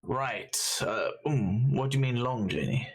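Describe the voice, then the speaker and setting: A man plays a friendly male shopkeeper behind his counter, helpful and a little halting as he gives directions. His voice sits mid-pitch, in a plain everyday tone. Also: expressive, husky.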